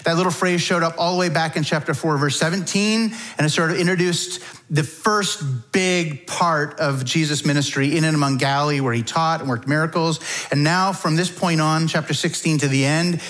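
A man's voice: fairly high pitch, moderate pace, fairly bright tone, low-quality recording. Man preaching a conversational sermon. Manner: conversational, folksy preaching with many fillers. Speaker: pastor.

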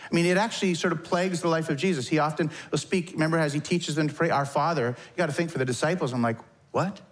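A man preaching a sermon as a pastor, talking in a conversational way and acting out anguished prayers. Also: very fast. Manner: conversational, acts out prayers with rising pitch.

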